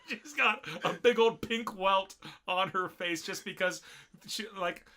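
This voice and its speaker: Young male podcast co-host, bright and forceful voice, lively scene-by-scene recapper. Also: high-pitched, slow pace, slight background noise. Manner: animated, acts out character lines in shifting voices. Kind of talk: casual anime recap chat.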